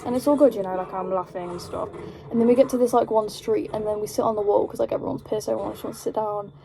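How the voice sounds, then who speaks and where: A young British woman telling a story in a casual vlog, rambling and animated, with lots of fillers. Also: medium pitch, quick pace, creaky, slight background noise. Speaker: vlogger.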